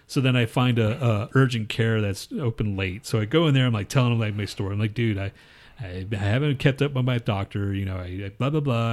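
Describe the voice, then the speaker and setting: A man on a podcast rambling through a crude, profane story in casual chat. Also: on the low side. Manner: rambling, profane, animated retelling. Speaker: podcast co-host.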